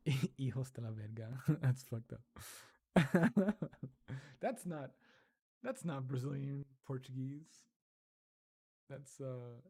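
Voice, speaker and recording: Laid-back male streamer, slow and mellow, giggly, repeats foreign words carefully. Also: mid-range voice, breathy edge. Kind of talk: casual livestream chat.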